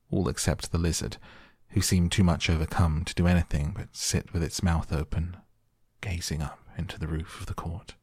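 A man narrates a storybook slowly and soothingly for bedtime listening. His voice is very deep and gravelly, with a husky grain. The sound is close and dry. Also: no echo. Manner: calm, slow, soothing. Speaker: audiobook narrator. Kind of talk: soft bedtime storybook reading.

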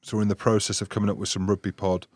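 A man's voice: fairly low pitch, flat delivery, racing, a little mellow, no room sound. A man hosting a rugby podcast, boisterous and teasing, laughing often as he chats in a studio. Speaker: podcast host and former rugby player. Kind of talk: banter-filled casual chat.

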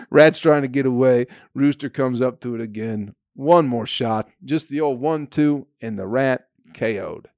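A man's voice: medium pitch, unhurried, hardly any pauses, darkish tone, no room sound, studio quality. Rambling, profane male comedian. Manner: profane, rambling storytelling with frequent fillers. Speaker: comedian podcast host. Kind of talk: casual comedic monologue.

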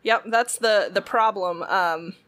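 A woman, a retail worker telling a long story in casual chat, animated and swearing freely as she acts out what people said. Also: mid-range voice, slow.

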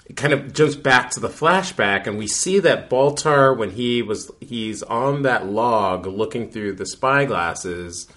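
A man's voice: mid-range voice, animated, a little slow, a bit bright. A man co-hosting a podcast, recapping an episode in a rambling, casual way with many fillers and restarts. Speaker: podcast co-host.

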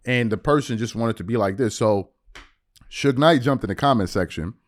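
A man's voice: medium pitch, normal speed. A man hosting a sports podcast, talking casually and emphatically in slang, often repeating words. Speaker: podcast host. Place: lives abroad, recording at home.

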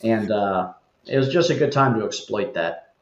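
A man's voice: lowish voice, expressive, moderate pace, roomy sound, lo-fi sound. A man chatting as a guest, talkative and wry as he explains his views. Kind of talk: casual chat.

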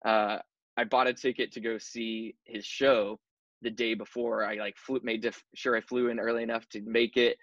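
A man's voice: medium pitch, level tone, moderate pace, a bit bright, dry recording. A young man, an actor, chatting casually about his career, easygoing and full of "like" and "dude". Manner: easygoing, says "like" and "dude" a lot. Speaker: actor guest. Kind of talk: casual interview chat. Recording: dull lo-fi dry recording.

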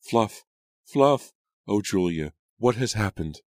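Very low guy voicing a soft earnest young girl, dry booth sound. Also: steady tone, measured pace, dry recording. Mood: distressed. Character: gentle young woman, dog-loving sister.

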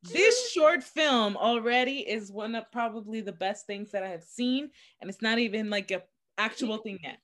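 A woman's voice: a little high, lively intonation, moderate pace, fairly bright tone. A woman co-hosting a podcast in casual chat, speaking in an enthusiastic, encouraging way. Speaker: podcast co-host.

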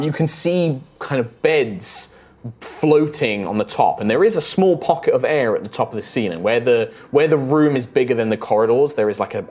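Relaxed game master narrating a scene. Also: medium pitch. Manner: descriptive, many fillers and likes.

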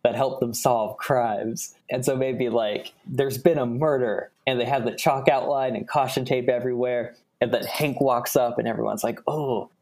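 A young man co-hosting a podcast, thinking aloud in a relaxed, casual way. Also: medium pitch, moderate pace, hardly any pauses. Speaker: podcast co-host. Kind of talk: casual brainstorming chat.

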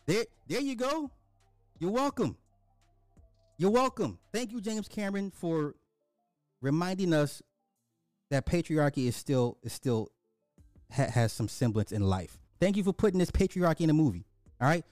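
Animated man recapping a film. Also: fairly high pitch, moderate pace, pauses often, no echo, clean studio sound, faint music behind. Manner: animated, repetitive, emphatic. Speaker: movie reviewer.

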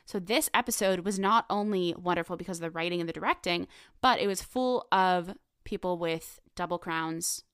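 Chatty woman podcast co-host, low voice. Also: fairly bright tone, clean tone, dry recording, clean studio sound. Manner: chatty, enthusiastic, quick asides. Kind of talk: casual chat.

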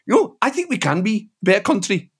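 A man doing an impression of an earnest male politician with an expressive, lyrical delivery. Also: high voice, fast, breathy edge, pitched above the performer's own voice, heavily acted.

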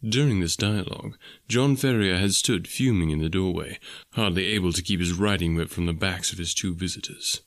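A man narrating a classic novel in a measured, even storytelling manner. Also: low-pitched, dry recording. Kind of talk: audiobook narration.

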